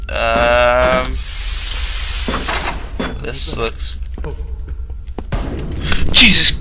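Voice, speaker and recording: Slow-talking man narrating a horror game. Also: mid-range voice. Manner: jumpy, easily startled, rambling. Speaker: gaming channel host. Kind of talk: casual horror game commentary. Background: game music.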